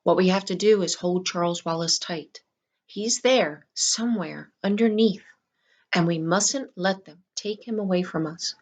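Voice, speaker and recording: A woman voicing a steady, wry teenage boy. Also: lowish voice, unhurried. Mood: urgent. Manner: hushed, urging, wry.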